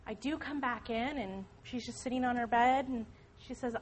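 A middle-aged woman speaks earnestly to a church gathering, pressing her points with emphasis. Her voice sits a little high, and a faint background hiss runs under it. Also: fairly even intonation, normal speed, few pauses, low-quality recording. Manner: earnest, emphatic, preaching to the audience. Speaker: speaker at a church women's event. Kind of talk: testimony talk to an audience.

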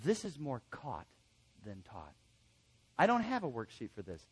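A man teaching a class of counselors in an animated way, repeating key points for emphasis and acting out quoted remarks. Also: medium pitch, a little slow, husky. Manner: emphatic repetition. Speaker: counseling instructor.

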